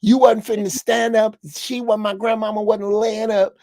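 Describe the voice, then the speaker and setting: A man's voice: sits high, level tone, normal speed, darkish tone, no echo, studio quality. A man in his sixties from Chicago, telling a story on a podcast in a blunt, profane way. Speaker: podcast panelist. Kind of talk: casual chat.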